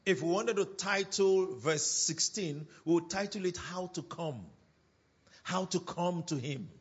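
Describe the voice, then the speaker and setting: A man's voice: high voice, slightly rough, muffled recording. A man preaching a sermon, reading scripture and repeating his key points with emphasis. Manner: emphatic repetition, slow deliberate phrasing.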